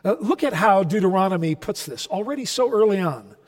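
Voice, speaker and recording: A man preaching a sermon as pastor, emphatic, swinging between loud declarations and soft asides. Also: high voice, lively intonation, a little fast, in a large hall. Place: church.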